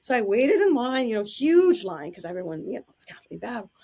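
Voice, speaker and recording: Casting: woman with a slightly husky, raised pitch, lively interview storyteller who laughs easily. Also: brisk. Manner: animated, laughing while telling anecdotes.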